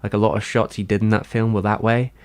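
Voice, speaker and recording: A man's voice: fairly low pitch, level tone, fast. A man chatting casually on a livestream, answering his chat in a rambling, hesitant way with many fillers and restarts.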